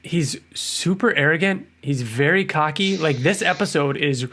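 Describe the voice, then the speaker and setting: A man co-hosting a podcast, chatting casually and acting out quotes in a raised voice. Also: normal speed. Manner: animated, acts out quotes in a higher voice. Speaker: podcast co-host. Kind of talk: casual chat.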